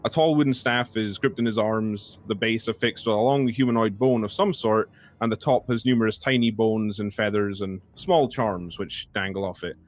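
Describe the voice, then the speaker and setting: A man playing a tabletop game who describes his character in a measured, detailed way. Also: lowish voice. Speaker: player. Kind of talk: casual tabletop play.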